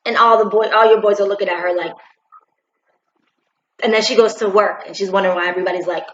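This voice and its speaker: A woman giving a preachy, animated opinion monologue for her vlog, in a dull, roomy home recording. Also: mid-range voice, fast talker. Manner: preachy, animated, acts out quotes. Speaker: commentary vlogger.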